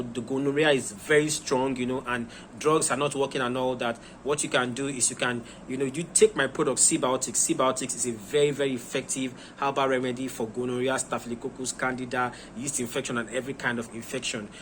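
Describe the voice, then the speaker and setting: A man's voice: mid-range voice, fairly bright tone, slight background noise. A man from Nigeria explaining a home herbal recipe in a rambling, casual way with many fillers. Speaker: herbal remedy seller. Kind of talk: casual informal tutorial.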